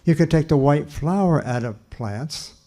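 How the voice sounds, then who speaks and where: A man's voice: a little high, expressive, unhurried, warm tone. An older man giving a public lecture on nutrition, earnest and emphatic, often repeating phrases and restarting sentences.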